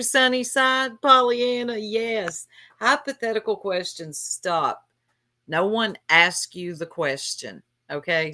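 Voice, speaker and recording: A woman's voice: lowish voice, sharp tone. A woman hosting a casual gossip chat, laughing often and reading chat names aloud. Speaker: stream host.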